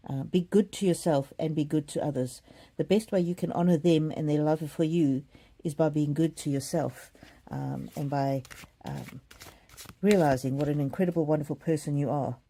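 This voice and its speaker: A middle-aged woman doing a live oracle card reading, gentle and halting, with many pauses, fillers and repeated words. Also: low-pitched, fairly even intonation, a little hiss or hum. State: choked up with emotion. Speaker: psychic card reader.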